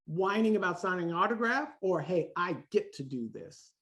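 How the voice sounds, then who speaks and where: A man in his forties, a podcast guest, talking in a lively way and acting out the voices he quotes. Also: high voice, moderate pace. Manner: animated, acts out quoted voices. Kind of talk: casual conversation.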